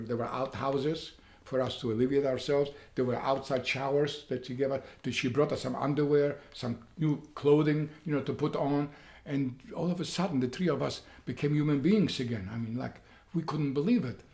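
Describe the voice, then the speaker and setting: An elderly man in his eighties from Poland, speaking, tells his own story in a halting way, repeating words and growing loud as he relives events. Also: mid-range voice. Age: 80s. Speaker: interviewee. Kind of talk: personal storytelling. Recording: roomy echo.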